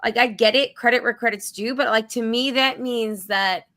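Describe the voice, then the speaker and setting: Bright, animated woman in casual chat. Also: on the high side, normal speed, dry recording, clean studio sound. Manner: animated, filler-heavy with frequent "like". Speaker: podcast co-host.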